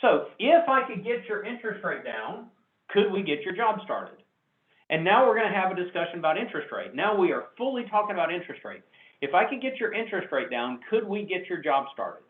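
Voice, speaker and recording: A man running a sales training class, animated and coaching, acting out customer exchanges over a video call. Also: sits high, fairly quick. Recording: echoey, tinny call audio.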